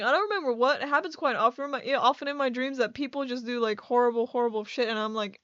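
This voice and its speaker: A woman's voice: high-pitched, brisk, fairly bright tone, dry recording, highs cut off. A woman doing a casual voice-over for her building video, rambling and scattered, with many restarts and bursts of laughter. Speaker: video creator.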